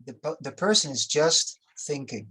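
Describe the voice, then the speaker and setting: Breathy low-voiced woman teaching. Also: lively intonation, fairly bright tone. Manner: short phrases paused for the interpreter. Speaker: missions course teacher. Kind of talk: teaching with live interpretation. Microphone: video call.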